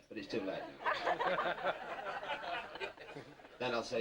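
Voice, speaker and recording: A man's voice: on the low side, measured pace, pauses often. A middle-aged man with a Yorkshire accent doing stand-up at a party, telling jokes in a chatty way and chuckling at his own punchlines. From Yorkshire, England. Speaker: stand-up comedian. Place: hotel function room. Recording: distant mic, noisy room. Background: crowd laughter and room noise.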